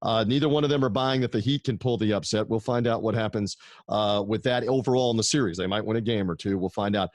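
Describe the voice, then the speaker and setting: A man's voice: on the low side, quick pace, no room sound. A man hosting a sports talk podcast over a video call, upbeat and busy plugging his guests' shows. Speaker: podcast host.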